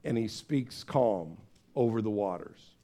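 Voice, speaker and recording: A man preaching a sermon in a conversational, storytelling way, acting out voices with big swings of pitch. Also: animated, measured pace, warm tone. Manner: conversational, with fillers and restarts. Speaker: pastor.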